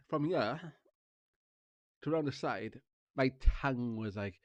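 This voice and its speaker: Recorded with no room sound, this Welsh man has a mid-range voice with lively intonation, speaking a bit slowly and pausing often. As a streamer and vlogger he rambles at his viewers, repeating himself, laughing a lot and leaning on "you know what I mean."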